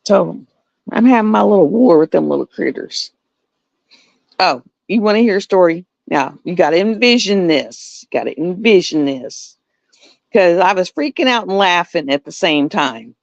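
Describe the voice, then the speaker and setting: A middle-aged woman tells a story on a livestream, and her voice jumps all over the place. It sits fairly high, with a gravelly edge. The sound is dull and lo-fi, with no room echo. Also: normal speed. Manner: animated storytelling with laughs. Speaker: livestream host. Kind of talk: casual chat.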